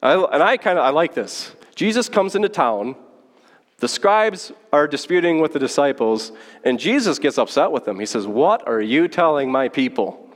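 A pastor preaching a sermon, teaching through a Bible passage in a conversational way and checking in with the listeners. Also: male voice, a little high, animated, normal speed. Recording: long hall reverb.

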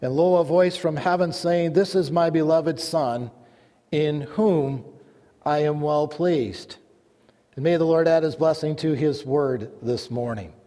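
A pastor delivering a sermon, reading scripture aloud and telling a folksy joke in an earnest manner. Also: male voice, fairly high pitch, moderate pace, few pauses, warm tone. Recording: long hall reverb.

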